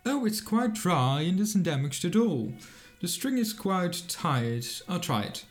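A man's voice: sits high, very animated, measured pace, soft background music, voice pushed up. A man voicing a mischievous little boy in a storybook reading, in a raised, teasing voice.

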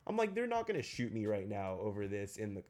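Young la guy rattling off a story fast, swears a lot, kinda low voice. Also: sing-song, over a noisy crowd. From Los Angeles. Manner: profane, rambling storytelling full of "like". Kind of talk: casual chat.

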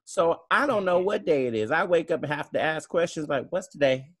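A man's voice: fairly high pitch, expressive, brisk, a bit bright, breathy edge. A man co-hosting a casual podcast, telling stories in a laid-back, chatty way and reacting playfully. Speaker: podcast co-host.

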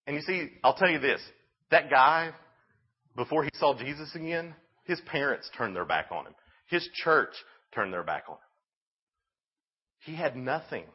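A man giving a youth sermon, telling the story in an animated, casual way with lots of "like"s. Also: on the high side, unhurried, pauses often, breathy edge, lo-fi sound. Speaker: youth speaker.

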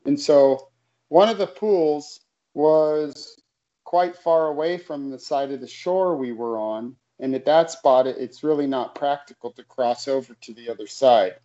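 A man telling a story in casual chat, earnest and a little halting. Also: mid-range voice, warm tone, dull audio.

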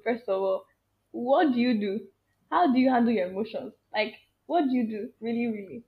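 An animated, emphatic woman chatting as a podcast guest, laughing often. Her voice comes through a thin, phone-like line. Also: fairly high pitch, a little fast. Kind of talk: casual chat. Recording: tinny phone-like sound.

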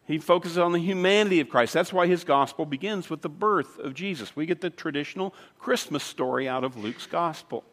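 A man's voice: a little high, fairly quick, few pauses, fairly bright tone. A man preaching a sermon as pastor, telling a story in a conversational way with dramatic emphasis. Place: church sanctuary. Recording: long reverb of a large hall.

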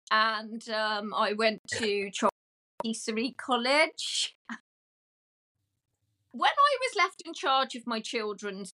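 Loud, lively woman chatting. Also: on the high side. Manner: loud, chatty and self-mocking. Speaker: guest, cake decorator. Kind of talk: casual chat.

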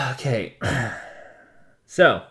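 A man's voice: medium pitch, very animated, extremely slow, a bit bright, breathy edge. A man in his late twenties casually recapping TV episodes, rambling and sarcastic, with the odd curse word. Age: late 20s. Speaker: TV show recapper.

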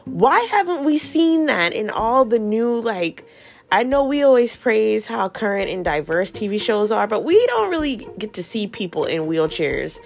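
A woman hosting a podcast, recapping a TV show in a sassy, slangy, animated way from a studio. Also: on the high side, normal speed, gravelly. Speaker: podcast host. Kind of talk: casual TV recap chat.

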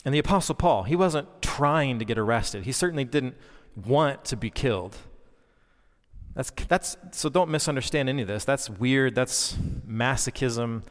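A man's voice: mid-range voice, expressive, normal speed. Pastor, male, thirties, earnest conversational sermon, voice ringing in a reverberant hall. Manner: earnest, conversational preaching with fillers.

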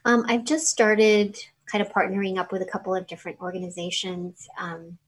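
A woman guest in an interview, recounting a personal memory with feeling. She talks in halting runs, full of fillers, restarts and trailing phrases. Her pitch sits in a middle range. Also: level tone, breathy edge, poor audio.

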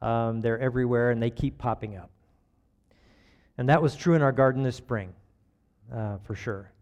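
A man delivers a relaxed, conversational sermon, spinning everyday stories in a folksy style and chuckling at himself. His voice is mid-range and his pace moderate.

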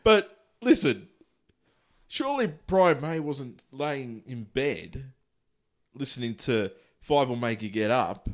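A man's voice: mid-range voice, sing-song, slow. A man co-hosting a casual comedy podcast, laughing often and joking in crude banter. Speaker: podcast co-host.

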